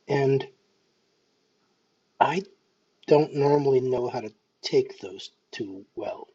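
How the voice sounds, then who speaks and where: Canadian guy in his 30s w a faint scottish lilt, rambling nervous vlog, husky voice, kinda dull lo-fi sound. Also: medium pitch, mellow. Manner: self-deprecating, hesitant, full of restarts and ums. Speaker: vlogger. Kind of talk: casual nervous vlog monologue. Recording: dull lo-fi home recording.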